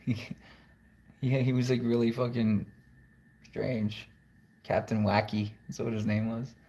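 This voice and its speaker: A man's voice: mid-range voice, level tone, unhurried, warm tone. A man rambling through a confessional video monologue, blunt and profane, wandering from thought to thought. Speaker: musician vlogger.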